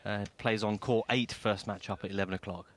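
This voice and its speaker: A man, a former player, chatting in a relaxed, self-deprecating way on a live tennis broadcast. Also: fairly low pitch, fairly quick, slight background noise. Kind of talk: live sports broadcast chat.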